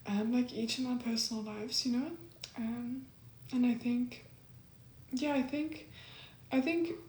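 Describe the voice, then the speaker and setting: A young woman talking casually and earnestly about a breakup, full of likes and ums, reflective and soft. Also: fairly high pitch, steady tone, unhurried, reverberant, slight background noise. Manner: soft, earnest, heavy use of like and um. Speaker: host giving breakup advice.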